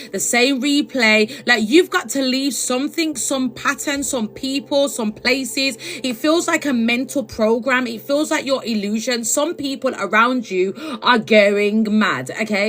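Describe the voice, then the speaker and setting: A woman's voice: fairly high pitch, a bit bright. Chatty woman giving spiritual advice. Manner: chatty, affectionate, keeps asking "okay?". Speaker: spiritual reader. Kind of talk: live-stream spiritual advice.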